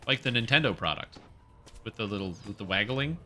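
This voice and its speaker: A young man from Canada chats casually while streaming a game, rambling from one thought to the next and answering his chat. His voice is low-pitched with a sharp, piercing edge. Faint music plays underneath. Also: expressive, normal speed.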